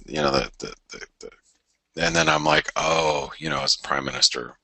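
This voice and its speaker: A middle-aged man with a very deep voice talks through the markets live, rambling and tripping over restarts as he thinks aloud. His tone is bright and forceful, and the sound is dry and close with no room around it. He keeps it casual, like a host chatting to regular viewers. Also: fairly even intonation, a little fast, dry recording. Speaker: forex trading show host.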